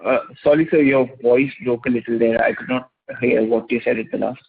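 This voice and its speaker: A man's voice: medium pitch, fairly even intonation, brisk, vocal fry, slightly rough. A man with an Indian English accent, politely asking an analyst's questions on an earnings call. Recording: tinny phone line.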